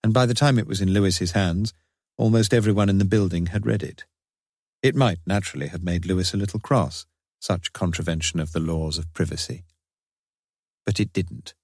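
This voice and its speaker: A man reading an audiobook aloud in a measured, deliberate way. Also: deep voice, a little mellow, no echo, studio quality. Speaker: audiobook narrator. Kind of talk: scripted audiobook narration.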